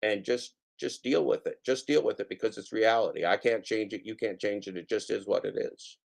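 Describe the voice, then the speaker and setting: A man's voice: lowish voice, fairly even intonation, fairly quick, creaky. A man hosting a casual reaction stream, commenting on clips with playful, jokey mock warnings to his viewers.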